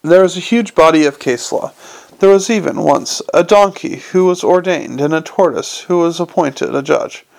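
A man doing a withered old zombie lawyer for a storybook reading: low, very gravelly and half-whispered. He speaks slowly and formally, every word precise and pedantic. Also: a little mellow. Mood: dry.

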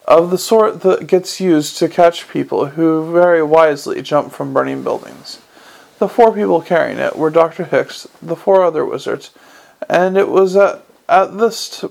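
A man's voice: a little high, vocal fry, darkish tone. A man reading a novel aloud as narrator, unpolished, with slips and restarts.

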